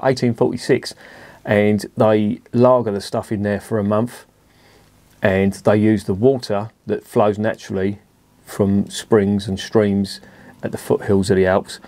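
A man's voice: on the low side, darkish tone, no echo. A man giving a casual beer review, blunt and opinionated, swearing freely.

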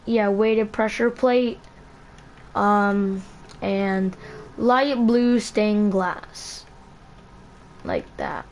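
A woman hosting a casual game building tutorial, talking in a halting way, correcting herself and repeating item names as she goes. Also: medium pitch, very animated, darkish tone, slight background noise. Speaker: channel host.

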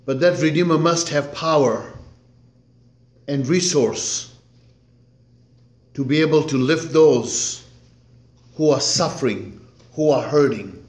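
A male pastor preaching a sermon slowly and emphatically, swinging between loud declarations and hushed, soft phrases. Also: on the high side. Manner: slow, emphatic preaching with dramatic swings in loudness. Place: church sanctuary. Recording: echoey church room.

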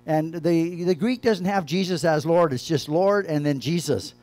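With a slightly high voice and a moderate pace, a church pastor delivers his sermon loosely, often restarting and repeating phrases. He alternates quiet asides with emphatic points; there's no room sound, just faint music behind him.

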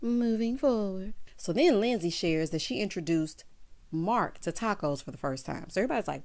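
A woman's voice: mid-range voice, brisk. Sassy woman recapping a reality show. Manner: sassy, animated, quotes people in character voices. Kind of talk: casual commentary recapping an episode.

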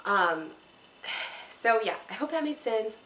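A woman's voice: fairly high pitch, animated, slow, bright, forceful tone. Earnest young woman vlogging in echoey room. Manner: earnest, rambling and encouraging, near tears at times. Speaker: mom vlogger. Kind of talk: casual heartfelt talk to camera. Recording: echoey room with faint ambient noise.

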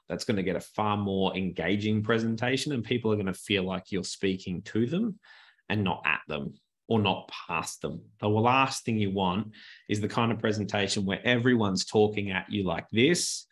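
This webinar instructor, a man with a voice on the low side, teaches presentation skills from his home office. He speaks with animation, consciously varying pace and tone, into a good desk microphone.

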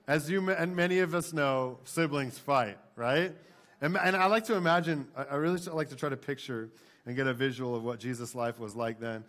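A man in his thirties preaching a sermon in a church, talking to the congregation conversationally with frequent "right?" tag questions and animated storytelling. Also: a little high. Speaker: pastor. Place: church sanctuary.

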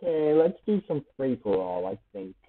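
Excitable gamer guy on a tinny line. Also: mid-range voice, normal speed. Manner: excitable, shrieks and laughs while playing. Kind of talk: let's play commentary. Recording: tinny phone-like sound.

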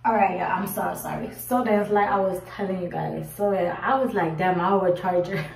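Speaking a little fast in a lowish voice with vocal fry, a young woman vlogger in her twenties shares an animated, casual storytime, acting out quotes from herself and others and swearing freely. There's slight background noise, roomy echo, and she's somewhat distant from the mic.

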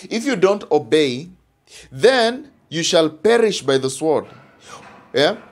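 A man preaches with a Kenyan English accent, pressing his points hard. His voice sits somewhat high for a man, and he keeps coming back to the same phrases. He often stops to check in with a quick "all right?". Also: sing-song. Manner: emphatic, repeats phrases and asks "all right?". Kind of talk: sermon.

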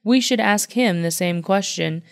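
A woman's voice: medium pitch, measured pace, creaky, no echo, clean studio sound. A woman voicing Jehoshaphat, an earnest and devout male king, in a Bible reading with light emphasis.

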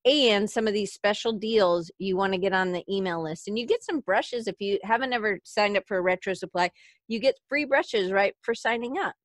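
A woman's voice: medium pitch, normal speed, no room sound, clean studio sound. A woman hosting a podcast in a casual chat, giggly and chatty, reading out listener comments. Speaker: podcast host.

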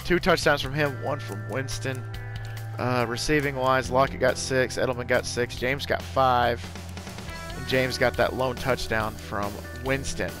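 Excitable man reacting to a football game. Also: mid-range voice, a little slow, music in the background. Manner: excitable, frequent exclamations and mild cursing. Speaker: gaming YouTuber. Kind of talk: live video game commentary.

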